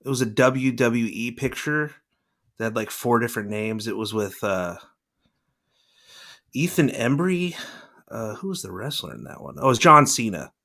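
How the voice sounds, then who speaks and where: A man hosting a podcast, telling rambling stories in casual chat and slipping into lively voices to quote people. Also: medium pitch, moderate pace, long pauses. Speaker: podcast host, former celebrity news producer.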